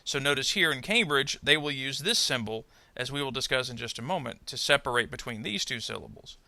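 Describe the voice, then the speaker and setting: Guy teaching english pronunciation, gravelly but bright voice, calm step by step explaining. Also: medium pitch, no echo. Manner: measured, explanatory, careful. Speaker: adult ESL pronunciation teacher. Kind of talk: instructional narration.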